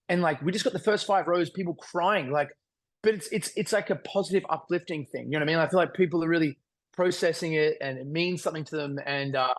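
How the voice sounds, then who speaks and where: A man in his thirties with an Australian accent, talking casually as an interview guest in a rambling, earnest way with many fillers and restarts. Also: fairly high pitch. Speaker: singer-songwriter guest.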